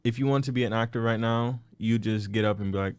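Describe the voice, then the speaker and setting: A man's voice: mid-range voice, fast, clear, resonant tone, no room sound. A young man co-hosting a podcast, chatting casually, joking and laughing as he acts out quoted voices. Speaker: podcast co-host. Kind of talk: casual chat.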